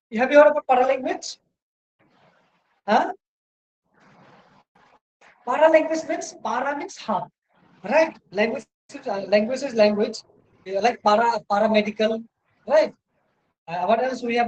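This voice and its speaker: An Indian English-accented man lectures at university level over video from an indoor laptop, his voice sitting high. Rambling, he repeatedly says "you know" and "right?", all captured on a laptop microphone with dull audio.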